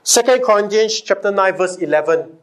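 A pastor with a high, bright voice preaches a sermon expressively and a little fast. He repeatedly turns to the congregation with rhetorical questions and call-and-response, driving key phrases home through repetition.

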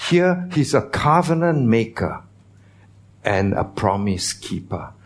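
A man's voice: medium pitch, sing-song, slow. A man preaching a sermon as pastor, teaching, asking the congregation questions, with non-native phrasing.

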